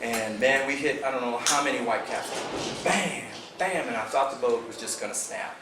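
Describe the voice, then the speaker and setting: A man casually telling a fishing tournament story to a club meeting, animated and laughing as he acts out the dialogue. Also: medium pitch, moderate pace. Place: meeting room. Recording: echoey room from far off, background noise.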